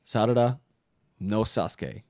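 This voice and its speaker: A man's voice: lowish voice, measured pace, gravelly, a little mellow, no echo, clean studio sound. A young man casually reviewing a manga chapter in a rambling, filler-heavy way. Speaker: YouTube anime reviewer.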